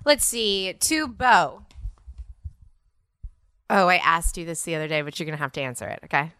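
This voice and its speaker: Blunt, bright-voiced woman podcast host. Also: on the low side, animated, moderate pace, clean tone, no echo, clean studio sound. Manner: blunt, teasing, swears freely. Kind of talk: casual chat.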